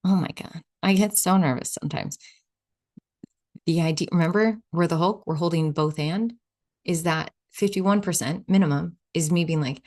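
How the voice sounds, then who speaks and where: On her solo podcast, a woman with a fairly low, darkish voice speaks at normal speed. She keeps things chatty and reflective, says "like" a lot, and plays out the inner voices she quotes.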